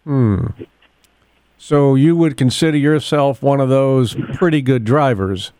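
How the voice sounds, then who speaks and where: A man's voice: medium pitch, a little slow, dark tone, clean tone, no room sound, studio quality. A middle-aged man hosting a local radio show, chatting casually, often chuckling and losing his place in his notes. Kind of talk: casual morning radio talk. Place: radio studio.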